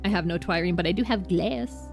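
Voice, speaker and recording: A woman's voice: on the low side, fairly quick, creaky. A woman voicing a shifty drunk townsman in a put-on Southern accent, reading his lines with a drawl while game music plays. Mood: wheedling. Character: shifty drunk male townsman begging for liquor.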